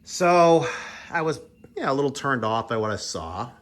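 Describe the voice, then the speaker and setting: A man's voice: mid-range voice, big pitch swings, normal speed, a little hiss or hum. A man casually recounting a frustrating car-buying visit, acting out both sides of the dialogue with exasperation. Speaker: vlogger. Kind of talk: casual storytelling.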